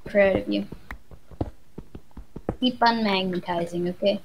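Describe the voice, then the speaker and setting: A woman chatting while she plays a game, her pitch sitting right in the middle of the range. She rambles and jokes easily with her co-player. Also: steady tone, slow pace, creaky, slight background noise, poor audio. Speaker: let's play co-host. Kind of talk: casual gaming chat.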